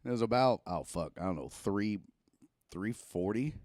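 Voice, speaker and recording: Profane, animated sports host. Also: male voice, lowish voice, moderate pace, dry recording, studio quality. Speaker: sports talk show host. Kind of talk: casual sports talk livestream. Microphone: microphone plugged into a camera.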